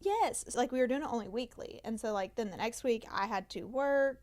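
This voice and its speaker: A woman's voice: fairly high pitch, fairly quick, a little mellow. A young woman guest, sister of the host, telling stories in easygoing casual chat. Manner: laughing storyteller, easygoing.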